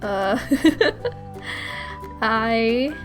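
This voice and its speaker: A woman's voice: a little high, sing-song, drawn-out words, music in the background. A young woman from Massachusetts answering viewer questions in a giggly, playful, self-mocking vlog. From Massachusetts, USA. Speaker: YouTuber. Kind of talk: casual Q&A vlog.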